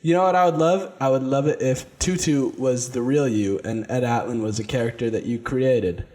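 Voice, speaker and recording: A man's voice: medium pitch, moderate pace, darkish tone. Laid-back male podcast host. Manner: laid-back, laughs often. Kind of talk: casual chat. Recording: faint hiss behind.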